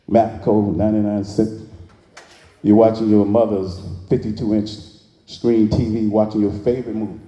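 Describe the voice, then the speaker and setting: A man's voice: mid-range voice, dark tone. A man giving a live inspirational speech, working the audience with call-and-response. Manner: preacherly call-and-response, drawling Southern phrasing. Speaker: motivational speaker. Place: large hall with audience. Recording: echoey hall, reverberant.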